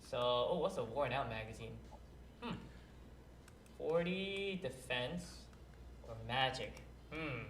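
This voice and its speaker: Male stream host, bright and pushy tone, muses aloud as he plays; echoey room. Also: medium pitch, expressive, slow, long pauses, a little hiss or hum. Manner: curious, thinks aloud while playing. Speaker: livestream host. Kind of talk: casual gameplay chat. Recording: roomy echo.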